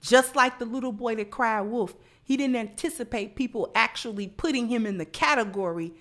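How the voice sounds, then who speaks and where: A woman's voice: on the high side, moderate pace. A woman giving livestream commentary, lecturing through repeated rhetorical questions. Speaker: online commentator.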